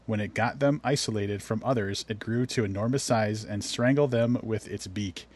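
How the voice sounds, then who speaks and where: A man's voice: on the low side, moderate pace, a little mellow, husky. Teasing man running a quiz. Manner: teasing, gives hints, reads tweets aloud. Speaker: podcast host running a quiz. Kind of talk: casual chat, quiz hosting.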